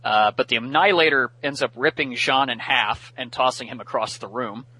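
A man's voice: medium pitch, moderate pace, sharp tone, breathy edge, no echo, low-quality recording. A man hosting a podcast and recapping a cartoon episode in casual chat. He talks chattily, laughs often and uses many fillers.

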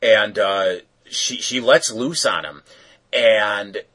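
Husky man casually recapping a story. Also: fairly low pitch, takes it slowly, bright, forceful tone, poor audio. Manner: rambling, filler-heavy storytelling.

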